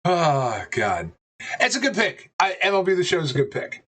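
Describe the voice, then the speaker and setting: A man co-hosting a casual podcast, animated and rambling, swearing often and filling pauses with ums. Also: high-pitched, breathy edge. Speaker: podcast co-host. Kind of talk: casual chat.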